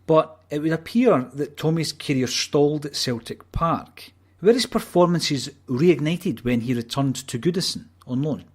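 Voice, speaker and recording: Man hosting a podcast, steady with fillers. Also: a little high. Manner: measured, with frequent "uh" fillers. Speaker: podcast host. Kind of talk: interview hosting.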